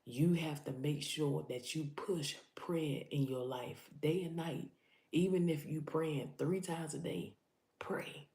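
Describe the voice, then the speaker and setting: A woman's voice: deep voice, steady tone, slow pace, mellow, echoey room. A woman giving an impassioned preaching vlog, talking urgently to her listeners and repeating herself for emphasis. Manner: urgent, repetitive, addresses listeners directly. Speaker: motivational preacher.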